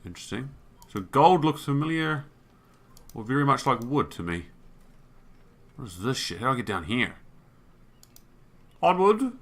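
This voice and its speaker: A man's voice: mid-range voice, normal speed, pauses often. A man doing let's play commentary, thinking aloud, reading on-screen text and swearing casually. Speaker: gaming YouTuber.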